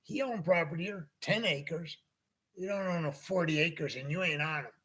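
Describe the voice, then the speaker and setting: A man with a fairly high, bright, forceful voice that carries a husky grain. He is hosting a casual chat show and telling a rambling story, slipping into the voices of the people he quotes. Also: moderate pace. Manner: animated anecdote-telling, acting out quoted people. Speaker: podcast host.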